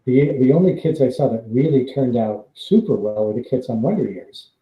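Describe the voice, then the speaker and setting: A man's voice: mid-range voice, animated, moderate pace, echoey room, muffled recording. A man, a former stunt double, telling casual rambling stories with fillers and laughs. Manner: rambling anecdotes with fillers, laughs between lines. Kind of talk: casual storytelling on a live stream.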